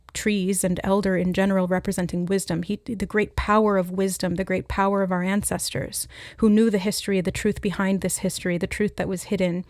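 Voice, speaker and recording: A woman's voice: mid-range voice, darkish tone, no echo, clean studio sound. Earnest woman giving a spiritual reading. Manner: earnest and reflective, pausing to relay messages she hears. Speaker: intuitive tarot reader.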